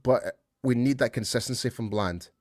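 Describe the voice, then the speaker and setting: A man's voice: mid-range voice, moderate pace, darkish tone, no room sound, clean studio sound. Chatty man on a sports podcast. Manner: chatty, loose, self-deprecating. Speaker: podcast co-host. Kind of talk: casual sports chat.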